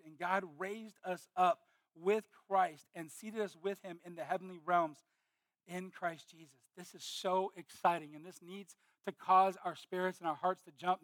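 A man preaching a sermon, moving between earnest teaching and animated, exclamatory storytelling with sudden loud bursts. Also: high-pitched, no echo, clean studio sound. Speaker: pastor.

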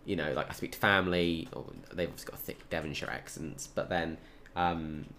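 A young man from England chats easily, with a deep voice and plenty of fillers. He laughs often as he talks. A faint background hiss sits under him. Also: steady tone, a little fast, sharp tone. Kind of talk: casual chat.

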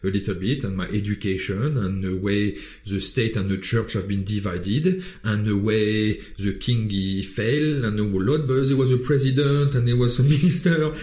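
A man with a French accent talks in a lively, opinionated chat, swearing often and breaking off mid-sentence. His tone is mellow and dark. The voice rings in a roomy, echoing space. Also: fairly low pitch, normal speed, few pauses. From France. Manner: animated, swearing, wandering restarts. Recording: roomy echo.

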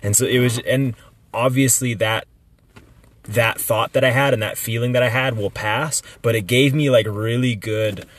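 A man's voice: medium pitch, steady tone, normal speed. A young man in casual podcast chat, talking with emphasis, swearing freely and using lots of fillers. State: recovering from illness.

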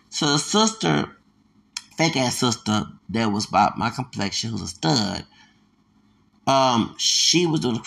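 A man's voice: mid-range voice, gravelly, a bit bright. A man talking alone on his podcast, ranting in a heated, rambling and emphatic way. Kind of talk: solo podcast rant.

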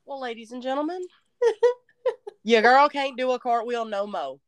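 Animated woman telling a story. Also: on the high side, unhurried, long pauses, dry recording, studio quality. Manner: animated storyteller, drawling, self-mocking. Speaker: podcast co-host. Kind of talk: casual chat.

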